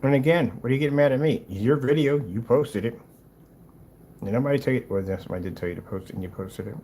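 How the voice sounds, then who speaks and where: A man reacting to a rival's screen paint video with mocking, exasperated commentary, swinging between loud outbursts and low muttering. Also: fast talker, slight background noise.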